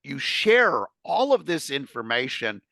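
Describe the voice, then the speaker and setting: A man's voice: medium pitch, very animated, a little slow, pushed and bright, no echo. A man speaking as a podcast guest, talking about his writing in an enthusiastic, friendly way. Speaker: podcast guest, article writer. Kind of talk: casual podcast chat.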